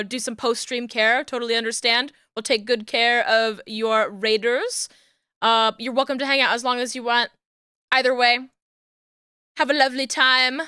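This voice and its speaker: A woman's voice: a little high, steady tone, unhurried, bright, forceful tone, clear, resonant tone, no echo, clean studio sound. A woman streamer chatting casually and thinking aloud while she works. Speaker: streamer rigging a model. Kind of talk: casual livestream chat while working.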